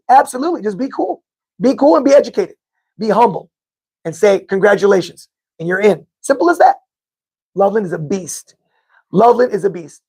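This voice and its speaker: Husky rambling sports-fan man. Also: high voice, darkish tone. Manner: rambling, repeats himself, self-correcting. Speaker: podcast host reading live chat. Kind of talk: casual live-stream fan talk.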